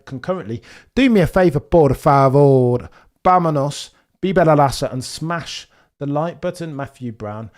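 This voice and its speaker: A man giving excitable live watch-along commentary on a race and chatting with his viewers. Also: a little high.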